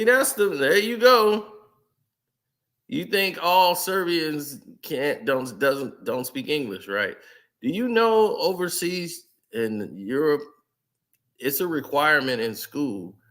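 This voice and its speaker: Man, live-stream rant, bright edgy voice, sarcastic, heated. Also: on the high side, animated, slow. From Chicago, USA. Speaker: sports commentary streamer.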